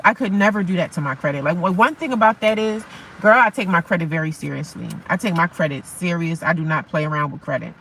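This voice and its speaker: A woman's voice: on the low side, sharp tone, a little hiss or hum, poor audio. A woman vlogging casually from her parked car in the rain, chatty and repetitive, calling her viewers honey and baby. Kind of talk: casual chat to camera.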